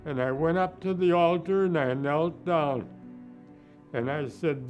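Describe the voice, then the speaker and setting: Man over 100, war veteran, reflective storyteller, slow pace, faint background music. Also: on the high side, a little mellow. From Minnesota, United States. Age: 100s. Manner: reflective, acts out remembered dialogue. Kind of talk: documentary storytelling interview.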